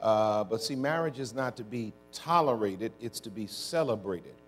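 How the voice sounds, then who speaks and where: A man's voice: fairly low pitch, expressive, normal speed, soft background music. A man preaching a conversational sermon to a congregation, drawing call-and-response and using folksy words like y'all and ain't. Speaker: pastor. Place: church before a congregation.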